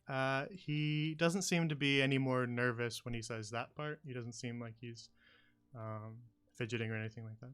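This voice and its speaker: A man narrating a tabletop game as game master, in a relaxed, hesitant way. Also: mid-range voice, moderate pace, clean tone.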